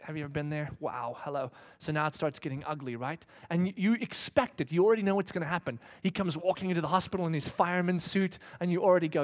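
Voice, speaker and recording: Middle-aged guy pastor preaching, kinda high voice, goes from whispering to yelling while telling a story. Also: quick pace, few pauses. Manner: dramatic storytelling, swinging from hushed whispers to loud shouts. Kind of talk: sermon.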